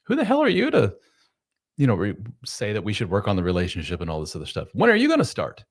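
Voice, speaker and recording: A man's voice: lowish voice, wildly swooping pitch, quick pace, heavily acted. A man voicing an indignant wife who scoffs at her lazy husband. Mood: scornful.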